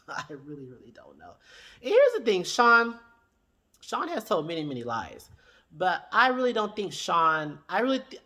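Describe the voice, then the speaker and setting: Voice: mid-range voice, sharp tone. A reviewer giving casual, sassy commentary, talking straight to the people on a reality show and acting out their lines.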